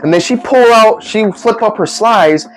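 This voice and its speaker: A man telling a comic story in animated, slangy speech and acting out the people in it. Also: sits high, unhurried, soft background music. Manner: animated, slangy, acts out the voices. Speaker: vlogger.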